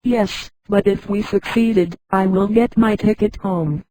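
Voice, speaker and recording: A woman's voice: medium pitch, measured pace, natural voice, rough recording. A woman reading a stranded adventurer man. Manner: flat, even synthetic reading. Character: grown man, stranded space traveller.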